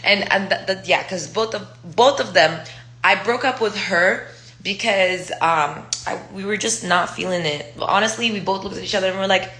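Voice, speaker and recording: A young woman from Israel talks through her past in a candid, rambling monologue, swearing often and stopping to search for words. Her voice is bright and sharp, and it bounces around an echoey room. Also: mid-range voice, moderate pace. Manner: profane, rambling, candid with frequent fillers. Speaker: vlogger. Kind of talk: casual storytelling monologue.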